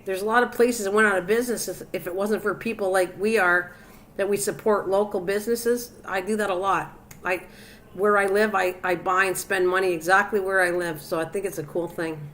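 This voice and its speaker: A woman's voice: mid-range voice, steady tone, fairly quick, fairly bright tone, slight background noise. An older woman hosting a cooking live stream, chatting casually and teasing her viewers by name. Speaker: cooking channel host.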